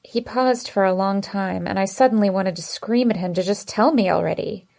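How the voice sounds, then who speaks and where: A woman narrates a romance novel in the first person, with expressive and emotive delivery. Her voice sits in a mid range. She reads in a steady storytelling manner. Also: medium pitch, normal speed, gravelly. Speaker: audiobook narrator.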